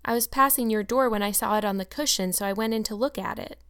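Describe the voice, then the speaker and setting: A woman's voice: medium pitch, fast, fairly bright tone, clear, resonant tone, lightly acted. A woman reading aloud and voicing an earnest, talkative young orphan girl in a storybook. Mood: pleading. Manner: earnest, eager protesting.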